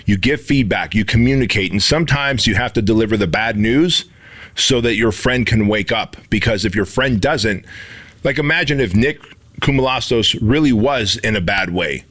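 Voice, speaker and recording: A man's voice: fairly low pitch, animated, moderate pace, a bit bright. A middle-aged man co-hosting a podcast, speaking steadily in a coaching tone and addressing listeners directly. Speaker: podcast co-host. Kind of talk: motivational podcast talk.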